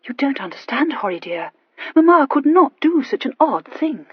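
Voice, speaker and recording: A woman voicing a gentle, sorrowful young woman who speaks softly and earnestly. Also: high voice, big pitch swings, moderate pace, no room sound, lo-fi sound, pitched above the performer's own voice. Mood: sad. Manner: soft, sad and earnest.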